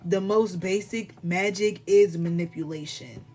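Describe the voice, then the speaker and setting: A woman's voice: lowish voice, unhurried, over loud music. A woman doing a casual live tarot reading, talking in a blunt, rambling way full of swearing. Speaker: tarot reader.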